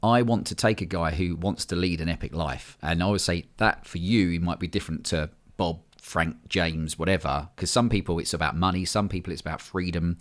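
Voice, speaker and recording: As a guest on a podcast, a men's coach talks bluntly and casually, swearing freely. He has a low voice and speaks briskly with few pauses.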